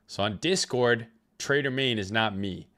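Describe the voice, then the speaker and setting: Guy on a crypto livestream, swearing casually, reading chat names, mid-pitched voice. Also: unhurried, a bit bright. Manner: loose, profane, reads chat names aloud. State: recovering from illness. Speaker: crypto trading livestream host.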